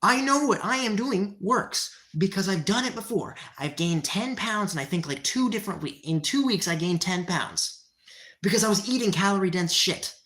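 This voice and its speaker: A woman's voice: medium pitch, lively intonation, normal speed, fairly bright tone. A woman livestreaming a workout, ranting heatedly and profanely at her chat, winded from exercise. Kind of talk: livestream chat while working out.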